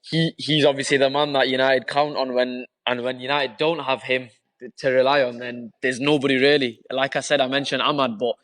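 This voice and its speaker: A man's voice: medium pitch, level tone, brisk, a bit bright, dry recording. A male football fan speaking as a guest in a subdued, disappointed way.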